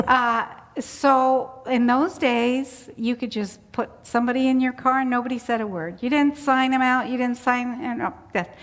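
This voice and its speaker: A woman's voice: on the high side, unhurried. An older woman telling a personal story in an interview, chatty, laughing often as she acts out voices. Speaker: church volunteer interviewee. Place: church sanctuary. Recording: long church hall reverb.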